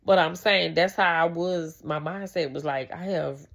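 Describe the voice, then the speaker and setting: Speaking a little slowly with hardly any pauses, a woman with a lowish voice vlogs to camera. Her casual talk about faith and family is rambling, heartfelt and full of restarts.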